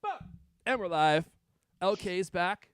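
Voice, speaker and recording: Animated joking male podcast host. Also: sits high, takes it slowly, smooth, dry recording. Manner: joking, teasing, reads viewer comments aloud. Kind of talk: casual live-stream chat.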